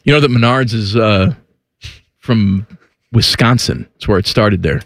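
A man's voice: on the low side, measured pace, fairly bright tone. A man hosting a sports radio show, teasing his co-host in a wry way. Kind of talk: casual banter.

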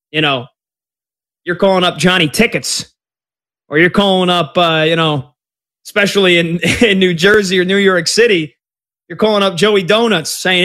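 A male sports radio host who talks in a lively, conversational way. His voice sits a little higher than most men's. He moves easily between callers and his own stories.

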